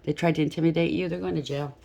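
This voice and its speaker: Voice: medium pitch, fairly even intonation, very fast, gravelly, darkish tone, a little hiss or hum. Blunt, emphatic tarot reader. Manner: emphatic, blunt, keeps checking in with "okay?"; loose and spontaneous, with frequent restarts. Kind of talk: tarot reading to camera.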